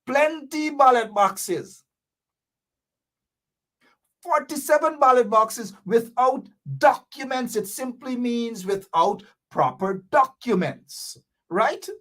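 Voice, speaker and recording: Animated Guyanese man hosting a talk stream. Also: very high voice, takes it slowly. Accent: Guyanese Creole. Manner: animated, repetitive, explaining local slang to viewers. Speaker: talk show host. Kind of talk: live-stream commentary reading viewer comments.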